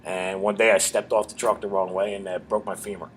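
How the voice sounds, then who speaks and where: A middle-aged man with a lowish voice who tells his stories in a crude, self-mocking, animated way. He talks as a comedy club owner and comedian being interviewed at an open mic night in a bar. A faint room ambience hums behind him. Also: a little fast, a little hiss or hum. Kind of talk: storytelling in an interview.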